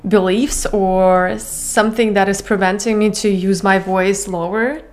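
A woman podcast host with a Russian accent asks earnest interview questions, searching for words as a non-native English speaker. Her medium-pitched voice is steady in tone and measured in pace.

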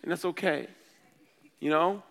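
A man, a pastor, preaching a sermon in a casual, conversational way, swinging between loud bursts and quiet asides. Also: on the high side, measured pace, creaky, big-room sound.

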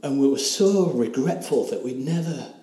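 A man in his 60s with a warm, medium-pitched voice speaks in an animated way, earnestly recounting a personal story as an interview guest. His telling is emotional and halting, with quoted dialogue. The audio carries a roomy echo and faint background hiss.

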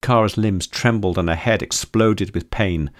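A man reading his own story aloud as narrator, in a steady, measured delivery. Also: lowish voice. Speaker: author and narrator. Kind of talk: scripted audiobook narration.

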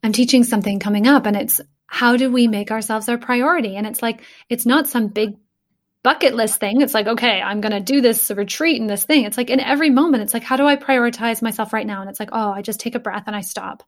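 A woman's voice: a little high, fast talker. Earnest woman talking about motherhood. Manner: earnest, emotional, talks through ideas with many fillers. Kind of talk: casual conversation.

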